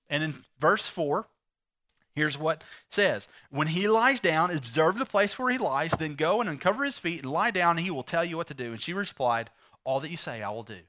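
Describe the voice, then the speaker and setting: A man preaching a sermon, retelling a story with animated voices for the characters. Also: high voice, a little fast. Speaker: pastor.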